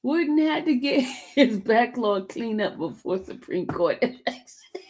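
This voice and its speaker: Woman streaming live, high voice bouncing all over, keeps laughing and teasing chat. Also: unhurried. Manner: laughs often, teasing and animated. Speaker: livestream host.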